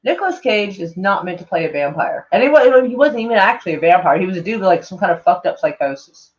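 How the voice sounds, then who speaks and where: A man's voice: high voice, expressive, fast talker. A man live-streaming in a loose, meandering chat, heavy on "like" and freely swearing, with a mild speech impediment. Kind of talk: casual rambling stream chat. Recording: dull lo-fi home stream audio.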